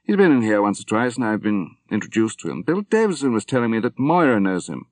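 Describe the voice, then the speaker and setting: A man doing a booming old general. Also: sing-song, fast, dry recording. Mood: jovial. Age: older. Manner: booming, cheerful, emphatic. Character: elderly retired general, hearty and jovial.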